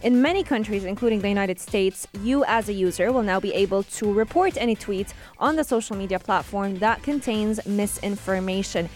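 A woman's voice: mid-range voice, brisk, few pauses, a little mellow, soft background music. Woman radio co-host explaining news. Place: radio studio. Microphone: studio microphone.

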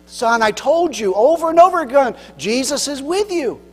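A man's voice: very high-pitched, animated, moderate pace, darkish tone, soft background music, pitched above the performer's own voice. A man voicing a patient father who firmly reassures his frightened son. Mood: firm reassuring. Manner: firm, reassuring. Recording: long hall reverb with mains hum.

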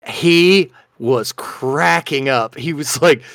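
A man's voice: a little high, takes it slowly, creaky, a bit bright, dry recording, clean studio sound. A man, co-hosting a casual comedy chat and telling stories in a playful, self-mocking way. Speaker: podcast co-host.

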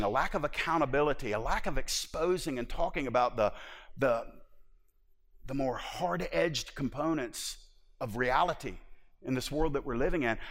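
A man's voice: mid-range voice, a bit bright. A man preaching a sermon in an impassioned, emphatic way, often restarting his words. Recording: long reverb of a large hall.

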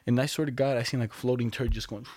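Ein junger Mann im lockeren Gespräch, der entspannt Geschichten erzählt, oft flucht und lacht. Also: male voice, mid-range voice, steady tone, rapid-fire, a little mellow, husky, dry recording. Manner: laid-back storytelling, swears, laughs often. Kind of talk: casual chat.

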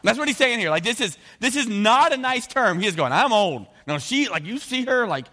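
A man preaching a sermon, animated and jokey, acting out the voices of biblical figures. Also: extremely high pitch, brisk. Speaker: pastor.

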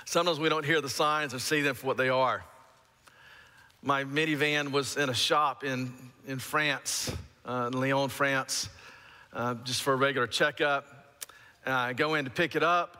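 Bright-voiced pastor preaching in a hall. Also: male voice, mid-range voice. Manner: storytelling with lively shouted re-enactments. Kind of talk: sermon.

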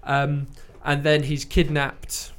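A man's voice: fairly high pitch, monotone, slow, a bit bright. A man hosting a podcast, chatting casually and enthusiastically about a film, with fillers and the odd swear word. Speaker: podcast host reviewing a film. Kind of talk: casual chat.

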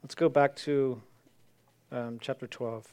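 A man's voice: mid-range voice, steady tone, takes it slowly, a little mellow, clean tone. A man preaching a sermon, reading scripture aloud and repeating key lines earnestly. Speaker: pastor.

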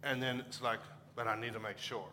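Pastor guy from africa preaching, bright voice, chatty and animated, acts out little quotes. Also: medium pitch, fairly quick, a little hiss or hum. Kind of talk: sermon.

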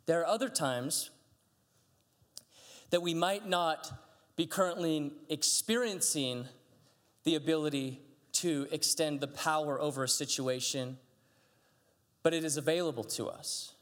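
A man's voice: on the high side, unhurried, pauses often, a bit bright. A man, a pastor, giving a chatty, conversational sermon, telling stories animatedly with frequent restarts. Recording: long hall reverb.

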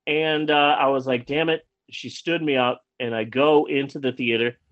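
A man's voice: mid-range voice, normal speed, dry recording, highs cut off. A man casually telling a long personal anecdote as a podcast host, rambling with restarts and acting out what people said. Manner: animated, acts out quoted lines.

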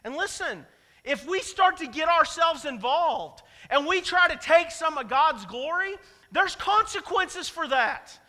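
A man's voice: very high-pitched, expressive, unhurried, bright, forceful tone, long reverb tail. A man preaching a sermon as pastor, talking in an emphatic, conversational way and repeating his key phrases for weight. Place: church sanctuary.

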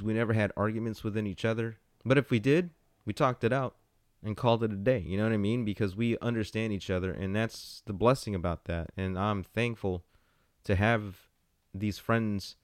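A man with a lowish voice hosts a podcast in a loose, casual way, hyping his listeners and joking around as he reads shout-outs. The sound is dry and close, with no room echo. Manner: hyped, playful, riffs on names. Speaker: podcast host.

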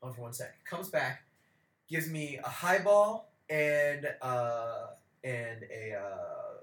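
A man's voice: mid-range voice, takes it slowly. A young man co-hosting a podcast, telling a long story in casual chat, swearing freely and acting out what other people said. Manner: animated, profane, acts out quoted voices. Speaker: podcast co-host. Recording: roomy echo.

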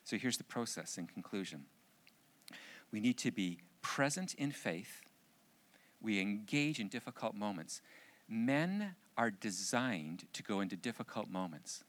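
Male pastor, lowish voice, earnest sermon to men, ends in fervent prayer. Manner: earnest, repeats key phrases for emphasis; grows loud and fervent in prayer. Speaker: pastor speaking at a men's gathering.

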